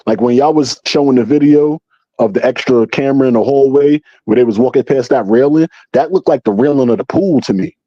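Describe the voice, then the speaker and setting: A man calling into a live stream, chatting excitedly in slang and repeating himself as he makes his points. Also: mid-range voice, a little fast, no room sound, muffled recording. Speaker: guest caller on a live stream. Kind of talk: casual chat.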